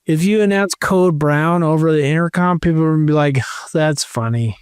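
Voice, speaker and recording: A man's voice: fairly high pitch, steady tone, a little fast, clean tone, dry recording, clean studio sound. A man co-hosting a casual podcast, joking around and reading out a list of supporter names with playful asides. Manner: jokey, reads name lists with playful asides. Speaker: podcast co-host.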